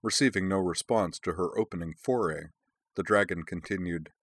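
A man narrating an audiobook in a measured, even reading. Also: low voice, dry recording.

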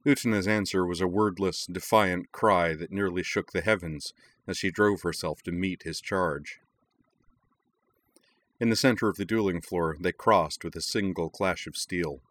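A man reads a story aloud with steady, dramatic narration. His voice is very deep. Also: a little slow, no room sound. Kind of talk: audiobook reading of fan fiction.

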